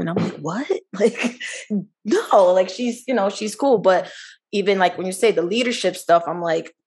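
A woman's voice: mid-range voice, animated, normal speed, darkish tone, husky. Chatty young woman podcast co-host. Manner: chatty, laughs often, acts out quotes. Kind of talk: casual chat.

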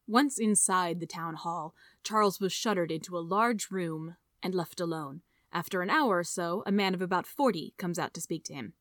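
A woman reading a story aloud in a steady, measured narration. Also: fairly low pitch, dry recording, clean studio sound. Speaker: audiobook reader.

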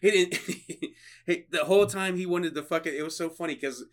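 A man hosting a podcast who gives a casual film review, retelling scenes in an excitable, profane way with lots of restarts. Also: sits high, moderate pace. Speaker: podcast host.

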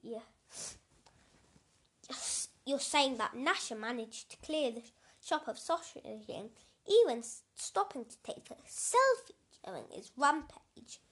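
Woman storyteller, high voice, slow unhurried reading, small stumbles. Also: fairly bright tone.

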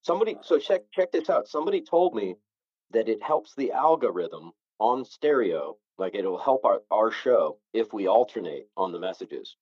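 A man's voice: on the low side, sing-song, normal speed, a little mellow, slightly rough, dry recording, muffled recording. Jokey male podcast co-host. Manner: jokey, playful. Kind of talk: casual chat.

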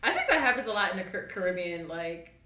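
A woman's voice: on the low side, very animated, fast talker, bright, forceful tone, roomy sound. A woman hosting a casual group chat, teasing and laughing as she talks. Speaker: podcast host.

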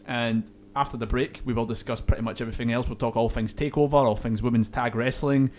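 A man hosts a relaxed podcast, tripping over his words and laughing his slips away. His voice sits at an ordinary pitch, with a faint hum behind it. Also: fast. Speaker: podcast host. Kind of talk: casual podcast chat.

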